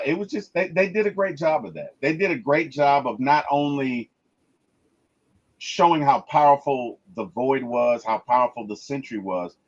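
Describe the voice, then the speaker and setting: A man's voice: medium pitch, dull audio. A man chatting casually in a movie review, emphatic, stammering and restarting as he retells scenes.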